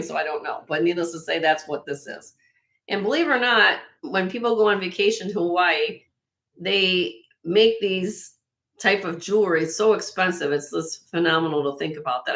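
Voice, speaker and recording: A woman hosting a live online jewelry sale, chatting excitedly and loudly as she shows each piece. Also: fairly low pitch. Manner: excitable, loud, chatty sales patter.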